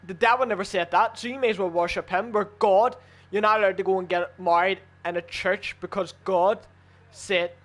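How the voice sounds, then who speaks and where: High-voiced man ranting heatedly. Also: fairly even intonation, moderate pace, a bit bright. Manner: heated, profane, argumentative. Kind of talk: casual rant while gaming with friends.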